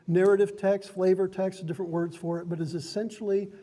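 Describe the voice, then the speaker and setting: High, mellow-voiced game master explaining rules. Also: male voice, flat delivery, fairly quick, in a large hall. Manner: upbeat, chatty, laughs often. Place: card and game shop.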